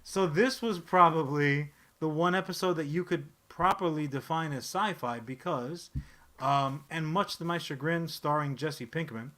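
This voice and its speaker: A man co-hosting a casual pop-culture podcast, animated and profane, rambling with frequent restarts. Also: on the high side, unhurried. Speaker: podcast co-host.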